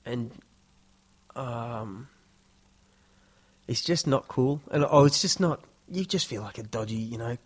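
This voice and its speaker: Casting: Australian male podcast host in his thirties, easygoing, digressive storyteller, average pitch. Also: moderate pace. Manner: rambling, self-deprecating storytelling. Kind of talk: casual solo podcast monologue.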